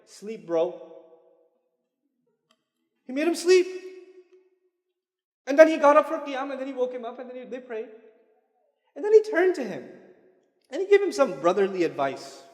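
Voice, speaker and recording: A man gives a religious lecture in a high voice, speaking casually and conversationally and weaving Arabic terms into his English. His talk rings out with the long reverb of a large hall. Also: sing-song, normal speed, long pauses, darkish tone. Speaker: Islamic lecturer.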